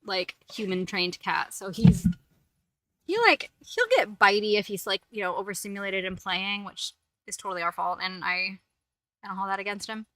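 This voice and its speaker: A woman's voice: medium pitch, moderate pace, a bit bright. A woman hosting a casual livestream, chatting in a rambling way full of fillers. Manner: rambling, filler-heavy talk. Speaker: host.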